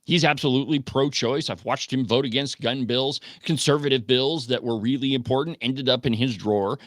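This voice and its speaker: A man's voice: medium pitch, steady tone, a little fast, dry recording, clean studio sound. A man hosting an opinionated political talk radio show, speaking emphatically and firing off rhetorical questions. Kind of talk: opinionated call-in radio commentary.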